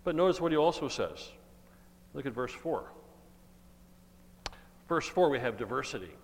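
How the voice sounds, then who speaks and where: A man's voice: medium pitch, big pitch swings, normal speed. Male preacher in an echoing hall. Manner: earnest, emphatic preaching with Bible reading. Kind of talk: sermon. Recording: long hall reverb, faint hum.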